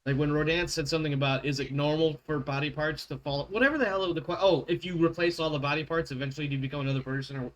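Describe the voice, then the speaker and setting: Rambling game master, bright voice. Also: male voice, on the high side, fast talker, hardly any pauses. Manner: rambling, self-correcting, swears freely. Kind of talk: casual out-of-character table talk.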